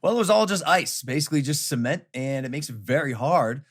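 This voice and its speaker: A man with a slightly raised pitch tells a story on a podcast mic, excitable, laughing his way through and swearing freely. The talk is loose and casual. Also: fairly quick. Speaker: podcast host.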